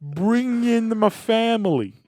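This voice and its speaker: Guy doing a loud bossy dad bit, pitched up, lecturing. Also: expressive, takes it slowly. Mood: boastful. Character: brash middle-aged Italian-American family man. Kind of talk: comic impression.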